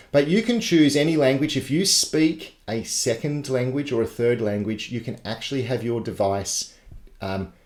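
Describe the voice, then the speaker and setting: A man's voice: fairly low pitch, darkish tone. A man running a live tech tutorial webinar, explaining things step by step in a chatty way. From Australia. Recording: echoey live broadcast.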